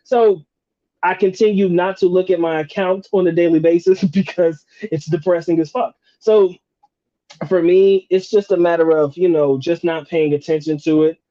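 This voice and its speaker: A man's voice: high voice, fairly even intonation, moderate pace, dark tone, no echo, highs cut off. A man from North Carolina, hosting a live question-and-answer stream in a casual, slangy, profane way and often laughing. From North Carolina, USA. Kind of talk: casual livestream chat.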